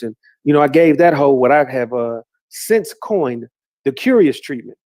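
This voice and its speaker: A man's voice: mid-range voice, normal speed, a little mellow. A middle-aged man ranting heatedly as a YouTuber, repeating insults and swearing constantly. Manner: heated, profane, repetitive insults. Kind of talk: angry rant.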